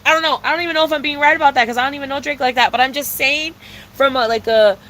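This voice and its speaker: A woman's voice: sits high, fairly even intonation, very fast, sharp tone, slight background noise. A young woman telling a casual storytime rant about a bad date, dramatic and profane, full of slang fillers. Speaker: vlogger.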